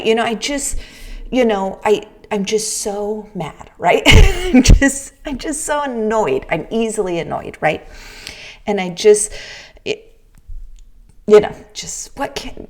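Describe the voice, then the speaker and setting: A woman's voice: mid-range voice, animated, slow pace, pauses often, a little mellow. A middle-aged woman from the Pacific Northwest, talking candidly in a personal vlog and often checking in with "right?". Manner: chatty and candid, frequent restarts and "right?" asides. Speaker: vlogger. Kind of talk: casual personal talk.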